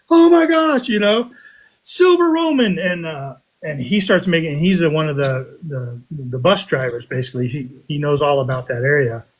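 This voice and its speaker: Excitable man telling a story. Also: low-quality recording. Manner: animated, excitable, voice jumps high when quoting himself. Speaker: podcast guest telling a metal detecting story. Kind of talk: casual storytelling chat.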